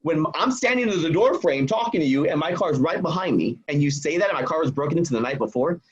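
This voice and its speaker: A man guest on a podcast, telling a personal story in an animated way and acting out the voices of the people in it. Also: on the high side, fast talker, slightly rough, highs cut off. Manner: acts out quoted voices.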